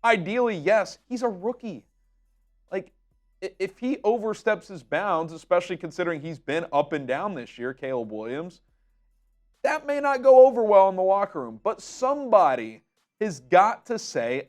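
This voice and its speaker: A man's voice: sits high, sing-song, normal speed, darkish tone. A man hosting a sports show, ranting with frustration and emphasis, stumbling over repeated words, his voice wearing thin. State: losing his voice.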